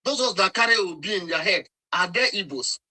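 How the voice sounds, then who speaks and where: A Nigerian man arguing hard in a live online debate, his voice high and very bright and forceful. He scolds, repeats his points and keeps talking over anyone who cuts in. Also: expressive, brisk, low-quality recording. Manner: scolding, repetitive, talks over interruptions. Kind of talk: heated argument.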